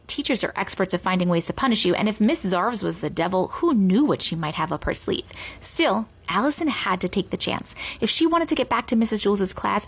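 A woman reading a children's book aloud, giving the characters animated voices. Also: mid-range voice, husky. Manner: animated character voices, slow expressive delivery. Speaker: reader.

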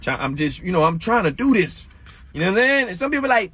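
A man talking casually to his viewers and addressing them as y'all, with animated asides while reading a kids' book. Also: sits high, fast talker, slightly rough. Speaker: vlogger. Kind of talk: casual read-aloud vlog.

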